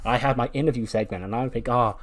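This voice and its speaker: A man's voice: medium pitch, quick pace, close to an everyday voice. A man voicing an entitled, haughty woman wrestling star who talks indignantly and cuttingly, as he narrates a wrestling sim playthrough.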